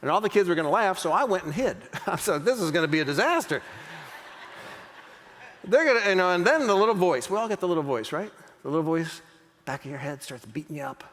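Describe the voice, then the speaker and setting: A man's voice: high-pitched, fast. A middle-aged man giving a motivational keynote speech, telling a story and acting out the lines of each person in it. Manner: animated, acts out dialogue in character. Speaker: keynote speaker. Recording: long reverb of a large hall.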